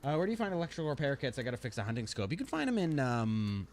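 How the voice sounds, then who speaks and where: A man from Canada chatting casually with his livestream chat while playing a survival game, dropping to a quiet murmur when sneaking. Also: medium pitch, sing-song, fairly quick, hardly any pauses, slight background noise. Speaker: streamer.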